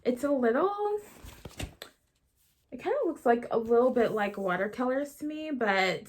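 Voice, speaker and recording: A book vlogger chats casually in a bubbly, rambling way, often laughing as she gushes over what she read. Her slightly high voice is animated at a moderate pace, with slight background noise.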